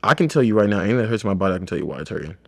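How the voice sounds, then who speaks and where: A man's voice: fairly low pitch, big pitch swings, very fast, gravelly, a bit bright. A man who works as a chiropractor, talking casually and reflectively in a rambling conversation about his experiences.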